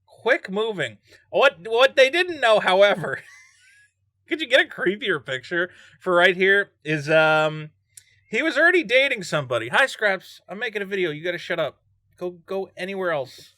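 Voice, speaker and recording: A man riffing through a true-crime story in a vlog, joking and laughing as he goes. His voice is high and bright, with big swings of pitch, heard dry and close. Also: no echo. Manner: joking, laughs often, animated asides. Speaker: vlogger. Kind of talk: casual true-crime commentary.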